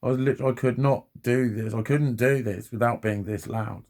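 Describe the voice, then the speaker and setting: Gravelly, sweary man in his forties. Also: mid-range voice, steady tone, normal speed, darkish tone. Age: 40s. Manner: sweary, chatty, self-mocking, laughs often. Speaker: vlogger. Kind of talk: rambling personal monologue.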